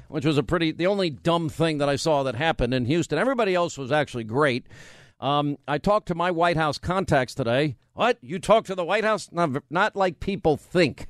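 A man hosting a radio talk show, brash and combative, talking fast in a studio. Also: on the high side, no echo. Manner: brash, combative, rapid-fire. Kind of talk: talk radio monologue and live reads. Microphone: studio microphone.

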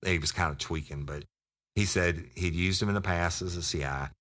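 A man, a detective hosting a podcast, telling a story in a profane, animated way. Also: deep voice, moderate pace.

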